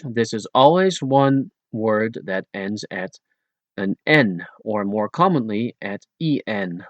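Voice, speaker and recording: A man narrating an audiobook language lesson in a plain explanatory way, slowing down for each example word. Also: on the low side, no room sound. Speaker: audiobook narrator teaching Dutch. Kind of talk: read-aloud language lesson.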